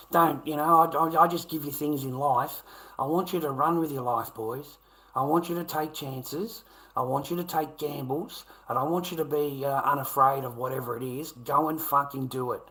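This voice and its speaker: Australian man, mid-pitched voice, loose and profane, talks at the camera in repetitive bursts that drop to mutters. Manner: profane, repetitive, swings between loud rants and low mutters. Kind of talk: rambling monologue to viewers.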